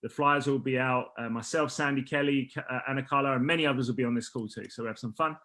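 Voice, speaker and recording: A man hosting a casual business team call, energetic and rallying, who says he is losing his voice. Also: mid-range voice, quick pace. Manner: energetic, rallying, restarts often.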